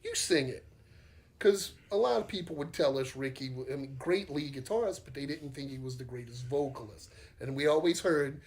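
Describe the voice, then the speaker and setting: A man's voice: mid-range voice, normal speed. A middle-aged man with a Southern US accent, a metal singer telling rambling stories in a casual podcast chat, swearing and laughing easily. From Louisiana, US. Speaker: metal band singer and guitarist, podcast guest.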